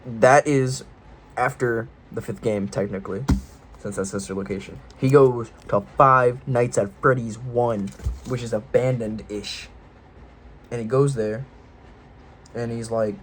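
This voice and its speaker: A man's voice: mid-range voice, fairly even intonation, unhurried, slight background noise, low-quality recording. A man casually retelling a game series' story in a rambling, offhand, irreverent way, full of loose jokey paraphrase. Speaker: video host.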